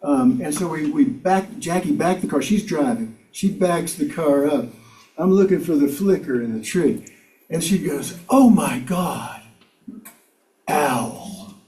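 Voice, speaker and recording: A man's voice: a little high, normal speed, dark tone. An older man from South Carolina, a guest speaker telling personal stories to a congregation in a wry, self-mocking way, with chuckles and filler words. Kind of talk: storytelling talk to a congregation. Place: community meeting hall. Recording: roomy hall, voice from far off.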